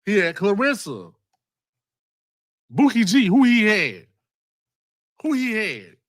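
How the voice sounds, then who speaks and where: A high-pitched man hosts a casual commentary vlog, his voice leaping up and down as he reacts. He talks in an excitable, profane way, circling back over the same words. The sound is dry and close, with no room around it. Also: slow pace, dry recording. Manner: excitable, profane, repeats himself. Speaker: host.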